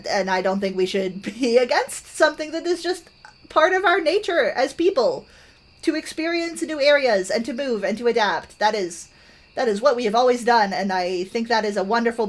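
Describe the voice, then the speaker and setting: A woman with a Canadian accent chatting casually while she plays a game, rambling and thoughtful, with many fillers and restarts. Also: fairly high pitch. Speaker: gaming streamer.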